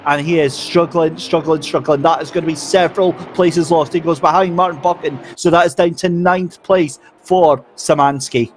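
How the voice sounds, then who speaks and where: A man giving lively, jokey play-by-play commentary on an online sim race. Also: on the high side, moderate pace, few pauses, a little hiss or hum.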